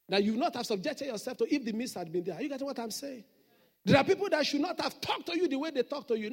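A man's voice: very high voice, vocal fry. A man preaching a Sunday sermon as senior pastor, emphatic and repeating his declarations.

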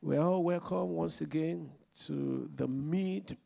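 A man's voice: on the high side, a little slow, vocal fry, dark tone. A man preaching and hosting in a church sanctuary, fervent and conversational as he introduces a guest. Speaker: host pastor.

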